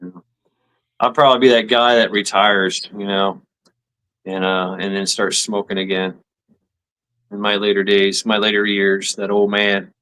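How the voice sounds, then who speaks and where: A man's voice: on the low side, level tone, measured pace, pauses often, sharp tone, rough recording. A man hosting a livestream in casual chat, rambling, laughing and swearing easily. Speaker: livestream host.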